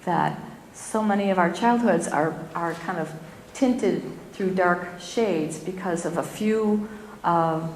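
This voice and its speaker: A middle-aged woman giving a gentle, expressive spiritual talk to a live audience. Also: on the low side. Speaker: spiritual teacher. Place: spiritual community hall. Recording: echoey hall, faint room noise.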